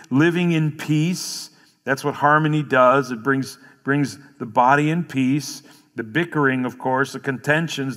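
A man's voice: mid-range voice, a bit bright. Earnest male pastor in a reverberant hall. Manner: earnest, explains verses and repeats key phrases. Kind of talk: sermon. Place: church sanctuary.

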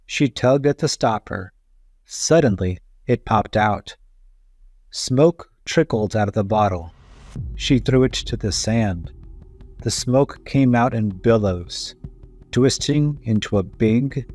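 A man's voice: on the low side, darkish tone, dry recording. A man narrating a children's story at a careful storytelling pace. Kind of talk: children's read-aloud narration. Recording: dry voice-over with faint music.

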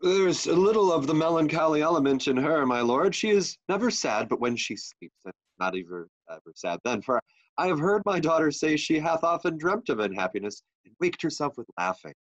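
A man's voice: on the high side, sing-song, brisk. Teen boy playing a doting old nobleman father. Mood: fond. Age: late teens. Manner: stumbling over lines. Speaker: student actor. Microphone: video call. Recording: muffled video-call audio.

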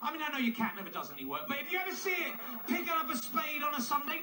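Sarcastic man with a very high voice. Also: wildly swooping pitch, rapid-fire. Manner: sarcastic, mocking, nitpicking. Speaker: comedian. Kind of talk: comedic monologue. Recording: echoey room, distant mic, faint noise.

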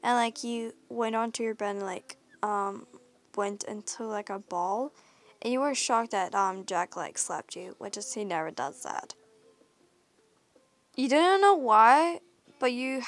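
A woman's voice: on the high side, unhurried. A woman narrating a listener role-play story in a casual, rambling way, full of fillers. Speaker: audio role-play creator.

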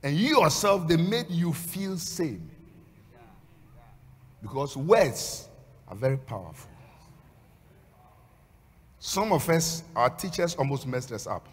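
A man preaching a sermon as a pastor, swinging between storytelling and loud, half-sung, shouted exhortation. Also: fairly high pitch, big pitch swings, slow pace, long pauses, breathy edge. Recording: long hall reverb.

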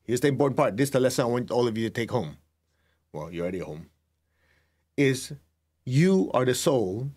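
A middle-aged man giving a spiritual lesson as a meditation teacher, talking deliberately and telling students to write points down. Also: mid-range voice, darkish tone. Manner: slow, deliberate, tells students to write things down; laughs at himself, acts out remembered exchanges.

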